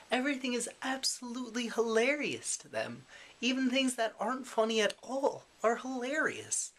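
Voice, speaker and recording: A man's voice: high-pitched, fairly bright tone. A man chatting casually to the camera in a daily vlog, rambling with lots of fillers and self-deprecating asides. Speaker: vlogger.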